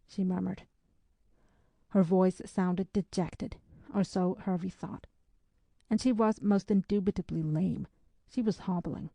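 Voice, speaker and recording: A woman narrating an audiobook in a measured, even storytelling manner. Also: on the low side, gravelly, breathy edge, no room sound.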